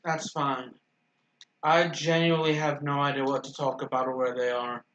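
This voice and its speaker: A man's voice: medium pitch, level tone, moderate pace, a bit bright, lo-fi sound. A man giving casual, rambling commentary over a video game, often stopping to correct himself and stuttering. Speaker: gaming YouTuber. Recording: roomy echo.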